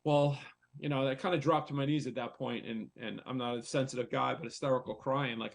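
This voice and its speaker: A man's voice: mid-range voice, fairly even intonation, a little fast, gravelly. A man, a real estate investor and coach, speaking candidly and conversationally on a talk show, repeating himself as he tells a personal story. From United States.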